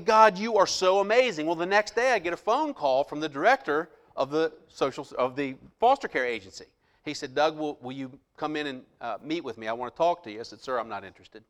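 A middle-aged man, a pastor, telling a personal story in a sermon, quoting others and dropping into a hushed voice for inner thoughts. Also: sits high, fairly quick. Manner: animated storyteller, drops to hushed voice for quoted lines.

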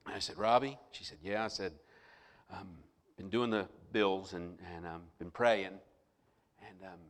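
A middle-aged man preaching a sermon, telling a personal story with animated, rising emphasis. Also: low-pitched, a little slow. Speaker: pastor.

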